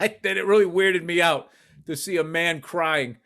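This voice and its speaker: High-voiced man telling profane stories. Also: fairly quick. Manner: animated, profane storyteller. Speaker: podcast co-host. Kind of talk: casual storytelling chat.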